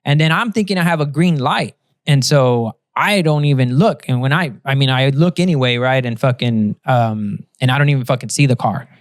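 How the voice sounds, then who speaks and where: A man's voice: mid-range voice, moderate pace, dry recording, studio quality. A man hosting a podcast, telling a story in a casual, profane way and acting out the other people in it. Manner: profane storyteller, lively retelling with put-on voices. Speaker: podcast host. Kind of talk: casual chat.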